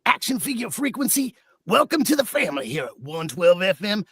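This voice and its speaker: A man voicing a smooth-talking, showy late-night radio DJ with a silky voice and theatrical alliterative patter. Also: high voice, big pitch swings, a little fast, a bit bright, a little hiss or hum, full character voice. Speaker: radio DJ character.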